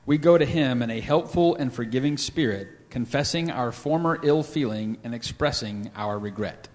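A man's voice: medium pitch, normal speed, a little mellow. Man reading aloud in a hall. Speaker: meeting participant.

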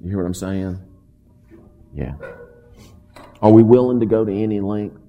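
A man telling his recovery story to a live audience in a folksy, animated way. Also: lowish voice, moderate pace, creaky, muffled recording, soft background music. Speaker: speaker at a recovery meeting. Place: meeting hall with audience. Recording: long hall reverb.

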